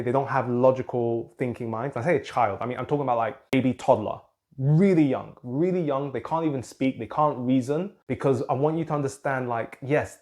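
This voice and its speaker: Talking to camera about anxiety, a man with a mid-range, darkish voice explains things earnestly, writing on a board and returning to his points again and again.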